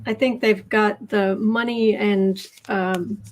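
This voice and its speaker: A woman co-hosting a casual political tarot livestream, chatty and quick to laugh. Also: medium pitch, steady tone. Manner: chatty, laughs easily, talks with her mouth full. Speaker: tarot reader co-host.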